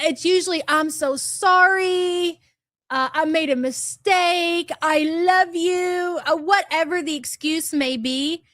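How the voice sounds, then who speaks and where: A woman's voice: sits high, a bit bright, no echo, studio quality. A woman hosting a livestream, reacting to clips with blunt, profane commentary and reading out super chats. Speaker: commentary channel host.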